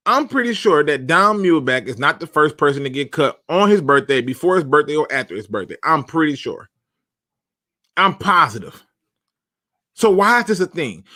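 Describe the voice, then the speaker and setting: Chatty sports live-stream host, dry close mic. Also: male voice, on the high side, sharp tone, no echo. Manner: conversational, repeats himself, uses slang. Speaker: podcast host.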